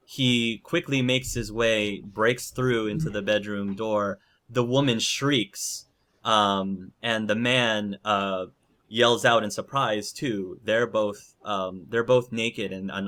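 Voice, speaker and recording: A man narrating a tabletop role-playing game as game master, slow and halting, with many fillers. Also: on the low side, fairly even intonation, sharp tone.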